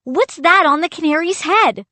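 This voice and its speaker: A woman voicing an eager, panicky young kid who pleads in a high, urgent voice. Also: animated, moderate pace, bright, forceful tone, no room sound, full character voice. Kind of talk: audiobook character voice.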